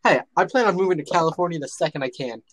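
A man's voice: a little high, expressive, rapid-fire, no echo, rough recording. Earnest rambling guy from Minnesota. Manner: earnest, rambling, many restarts. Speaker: chat participant. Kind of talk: casual online voice chat.

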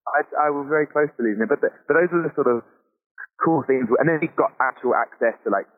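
A man telling football travel stories in casual chat, animated and laughing as he talks. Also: fairly high pitch, fast. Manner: animated, laughs often, frequent restarts. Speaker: podcast guest. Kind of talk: casual chat, storytelling anecdotes. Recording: tinny phone-like line.

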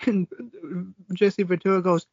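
A man's voice: high-pitched, a little slow, gravelly, darkish tone, dry recording. A man co-hosting a podcast, casually retelling movie scenes and quoting lines, often laughing. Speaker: podcast co-host. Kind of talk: casual movie recap chat. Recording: dull lo-fi sound.

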